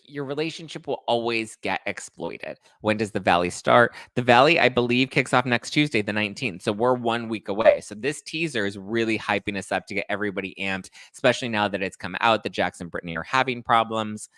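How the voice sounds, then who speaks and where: A man's voice: fairly low pitch, a little fast, hardly any pauses, a bit bright, no room sound. A man hosting a podcast, rambling through casual gossip chat full of "like" and "listen". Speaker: podcast host.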